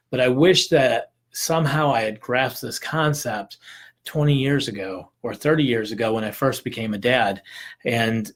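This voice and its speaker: A man's voice: medium pitch, slightly rough. Middle-aged man, mid-range voice, earnest teaching talk to parents, reflective and unpolished. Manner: earnest, reflective, many restarts and ums. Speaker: homeschool teaching presenter.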